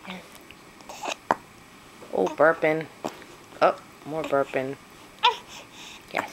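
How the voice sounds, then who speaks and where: A woman's voice: low-pitched, sing-song, a little slow, long pauses, very noisy. Sing-song mother cooing at her baby. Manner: sing-song coaxing baby talk, voicing the baby's thoughts. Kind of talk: baby talk to an infant.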